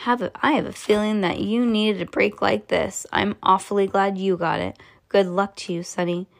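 A woman reading a storybook aloud, voicing a fat, excitable male shopkeeper who turns shrill and booming with excitement. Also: moderate pace, vocal fry, lightly acted. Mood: kindly. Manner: booming and excitable when thrilled.

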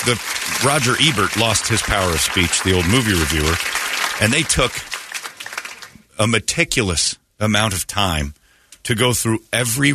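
A man hosting a morning radio show, telling stories in casual banter and slipping into quick impressions. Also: deep voice, a little hiss or hum. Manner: storytelling, animated, slips into impressions.

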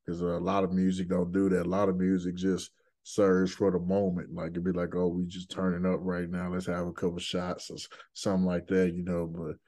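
A man hosting a casual podcast, with a very low voice that barely moves in pitch. He talks in a relaxed, hesitant way, filling the gaps with plenty of fillers. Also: fairly quick. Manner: laid-back, hesitant, many fillers. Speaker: podcast host.

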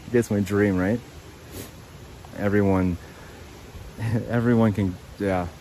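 A man hosting his own podcast talks to himself outdoors by a creek, rambling from thought to thought. His voice sits a little low. He swears freely and pokes fun at himself, with faint outdoor noise around him. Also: steady tone, drawn-out words, mellow, low-quality recording. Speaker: podcast host.

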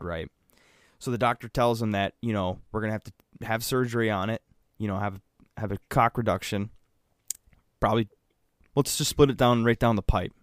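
A man's voice: fairly low pitch, clear, resonant tone, dry recording, studio quality. Profane, laughing male podcast co-host. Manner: loose, profane joke-telling with frequent laughs. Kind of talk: casual chat.

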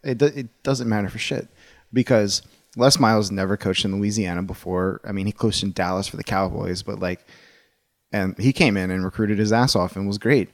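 A man's voice: lowish voice, steady tone, normal speed, no room sound, studio quality. A man co-hosting a sports podcast, talking in a casual, opinionated and rambling way, with frequent restarts.

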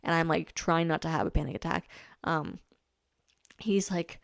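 A chatty young woman hosting a podcast, talking casually and leaning on "like" between thoughts. Her voice sits a little low for a woman. It is recorded close and dry, with no room sound. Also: moderate pace, creaky, dry recording. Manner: chatty, lots of "like" fillers. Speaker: podcast host. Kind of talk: casual chat recounting a race.

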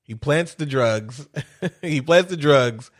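A man's voice: on the high side, expressive, slow. A man chatting casually, cracking jokes and finishing his co-host's sentences. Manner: jokey, chimes in and finishes her sentences, laughing. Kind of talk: casual chat.

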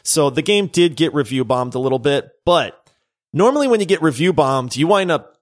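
A man's voice: on the high side, animated, normal speed. A man co-hosting a casual gaming podcast, explaining his views in long, enthusiastic runs of talk. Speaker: podcast co-host.

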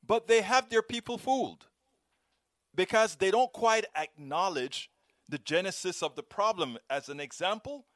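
A middle-aged man from Panama with a Panamanian Spanish accent, hosting a live stream and reading viewer comments, rolling his R's in a lively, expressive way. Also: high-pitched, moderate pace, dry recording, studio quality.

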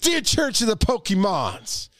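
A man putting on a self-important male preacher who booms out a comic sermon, high-pitched and swinging wildly up and down. He shouts his lines in a pompous, sing-song pulpit cadence. The sound is close and dry, with no room echo. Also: huge pitch swings, a little slow, heavily acted. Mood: preaching. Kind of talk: comic preacher role-play.

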